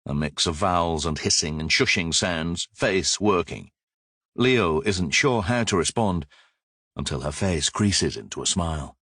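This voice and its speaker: A man reading an audiobook thriller in a steady, measured narration. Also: low voice, breathy edge, dry recording, clean studio sound. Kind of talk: scripted narration.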